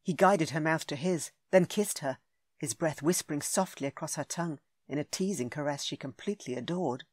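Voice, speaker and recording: Low-voiced woman reading a romance. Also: brisk, darkish tone, no echo, studio quality. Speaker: audiobook narrator. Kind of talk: scripted narration.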